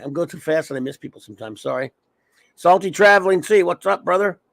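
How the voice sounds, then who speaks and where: Here a man talks fast in a high, fairly bright voice with vocal fry, captured in a dry recording. As host of a casual livestream, he rambles while going through viewer names.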